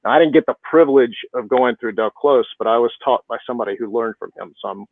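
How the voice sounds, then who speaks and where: A man's voice: mid-range voice, fast, creaky, no room sound. Man on a tinny video call line. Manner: chatty, self-deprecating, with frequent restarts. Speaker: guest. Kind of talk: casual interview chat. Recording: tinny, dry phone-like line.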